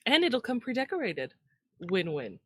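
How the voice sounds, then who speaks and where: A woman's voice: on the high side, huge pitch swings, moderate pace, slightly rough, no echo. A woman playing a tabletop game, chatting casually and joking at her own expense. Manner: chatty, self-deprecating, laughs at herself. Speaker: player. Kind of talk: casual tabletop role-play chat.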